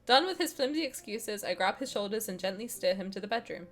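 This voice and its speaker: A young woman streaming, reading a game aloud and reacting with excited, swearing banter. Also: medium pitch, a little fast.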